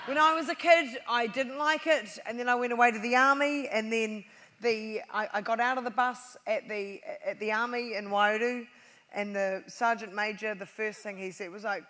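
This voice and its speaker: Female NZ-stage host, high and bright, chatty, reverberant theatre sound. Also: steady tone, moderate pace. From New Zealand. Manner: casual, chatty, laughs often. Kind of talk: live stage chat show.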